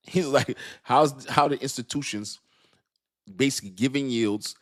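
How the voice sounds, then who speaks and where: A man hosting a live stream, chatting loosely and animatedly in heavy slang. He laughs often and talks straight to his viewers. His voice sits at an ordinary male pitch. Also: measured pace. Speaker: crypto livestream host. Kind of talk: casual livestream commentary.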